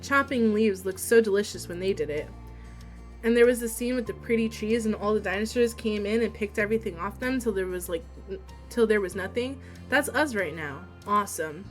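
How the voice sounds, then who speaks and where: A young woman streaming a story game, reading the text and dialogue aloud in a steady voice and breaking into giggles and swearing between lines. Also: medium pitch, a little fast, faint music behind.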